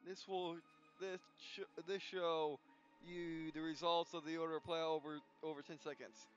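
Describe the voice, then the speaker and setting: A man hosting a gameplay video, reading tutorial text aloud with halting restarts and yawns. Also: fairly high pitch, level tone, lo-fi sound, faint music behind. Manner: halting, frequent restarts, yawning. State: yawning.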